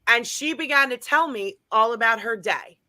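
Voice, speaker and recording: A woman guest earnestly recounting a personal ghost encounter, repeating phrases as she goes. Her voice is bright and fairly high. The sound is dry and close. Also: moderate pace, no echo, poor audio. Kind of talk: telling a personal story.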